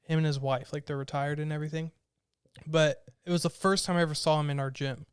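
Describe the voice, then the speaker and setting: A man's voice: fairly high pitch, steady tone, quick pace, clean tone, dry recording, studio quality. Rambling, opinionated male co-host. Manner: rambling, opinionated, filler-heavy. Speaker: podcast co-host. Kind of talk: casual chat.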